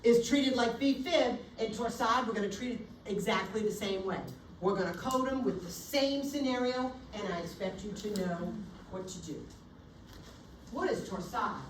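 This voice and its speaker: A woman teaching a nursing class in a lively, theatrical way, acting out bedside scenarios as she lectures. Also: medium pitch, normal speed, recorded from a distance, a little hiss or hum. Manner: animated, theatrical, acts out scenarios. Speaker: nursing instructor. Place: lecture room. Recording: echoey room, recorded from afar.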